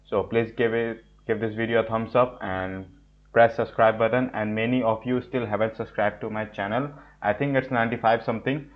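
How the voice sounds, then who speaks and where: Earnest man giving halting reaction commentary. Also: medium pitch, dull audio. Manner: earnest, effusive, halting praise. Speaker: reaction video host.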